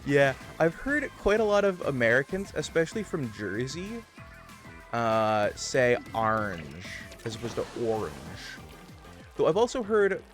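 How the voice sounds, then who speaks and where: A man's voice: fairly high pitch, sing-song, normal speed, soft background music. A man chatting casually with his stream viewers, rambling and thinking aloud as he plays. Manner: chatty, digressive, muses about pronunciation. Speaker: livestream gamer.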